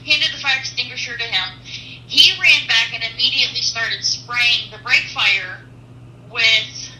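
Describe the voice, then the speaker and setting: A woman truck driver telling a personal faith testimony in an earnest, animated storytelling manner, with pauses. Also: fairly high pitch, roomy sound, distant mic, rough recording.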